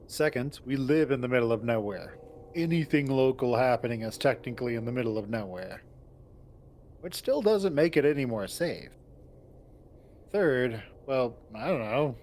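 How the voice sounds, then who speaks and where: A man reading a visual novel aloud in the first person, with wry asides and a plain, mid-pitched voice. He slips between describing the scene and talking as the lead. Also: a little mellow, a little hiss or hum. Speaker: narrator and lead voice actor. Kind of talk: visual novel narration and acting.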